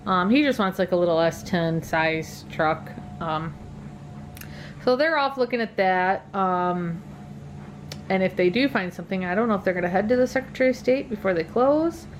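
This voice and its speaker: A woman's voice: mid-range voice, expressive, normal speed, a little hiss or hum. A middle-aged woman talking casually to her viewers, tired and yawning, chatty and rambling with many ums. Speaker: dog channel vlogger. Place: at home.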